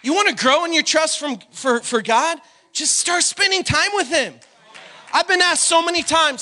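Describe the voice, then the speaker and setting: A male preacher delivers a sermon in an unusually high, bright voice. He preaches with animated energy and often rises to a shout. Now and then he breaks briefly into song. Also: normal speed.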